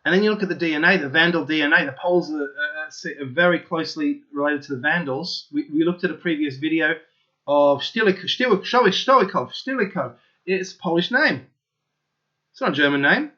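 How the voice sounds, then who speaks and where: Excitable high-voiced man, lo-fi sound. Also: fairly quick. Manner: excitable, insistent, keeps repeating himself. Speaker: channel host. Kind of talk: opinionated solo monologue to viewers.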